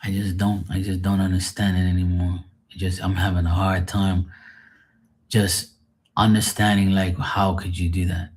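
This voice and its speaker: A man's voice: low voice, level tone, moderate pace. A man on a live stream venting in a rambling, emotional monologue, swearing often and sounding drained and sad.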